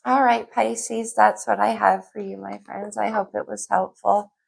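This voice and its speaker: A woman's voice: mid-range voice, level tone, a little slow, creaky, darkish tone, husky. A woman giving a casual tarot reading to camera, chatty and a little scattered, thinking aloud as she pulls cards. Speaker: tarot reader.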